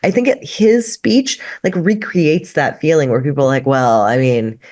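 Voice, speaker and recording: A woman speaks as a guest on a chat podcast, wry and thoughtful, with a deadpan edge. Her voice sits low for a woman. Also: moderate pace. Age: adult with a child. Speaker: guest, political activist and writer.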